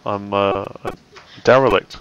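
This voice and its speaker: Dry-humoured snooker co-commentator. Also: male voice, fairly low pitch, steady tone, unhurried, a bit bright. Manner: dry, joking asides between shot analysis. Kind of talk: live sports commentary. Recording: dull, slightly muffled sound.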